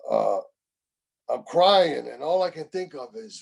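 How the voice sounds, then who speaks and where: A man's voice: medium pitch, sing-song, measured pace, vocal fry. A man in his sixties telling his recovery story over a video call in a rambling, candid way, often swearing and repeating "you know what I mean.". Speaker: main speaker at a recovery meeting. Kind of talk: personal recovery share.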